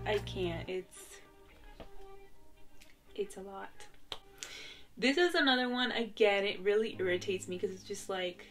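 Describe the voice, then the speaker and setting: Giggly young woman ranting casually. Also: mid-range voice. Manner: laughs often, exaggerated mock retorts. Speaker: vlogger. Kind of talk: casual chatty rant to camera. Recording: soft background music.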